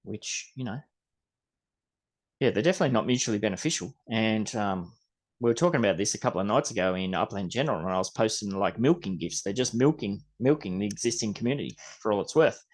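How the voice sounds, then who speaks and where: A fast-talking Australian podcast host with a low-leaning voice and lively intonation chats away in a rambling, easygoing manner. His swearing stays mild.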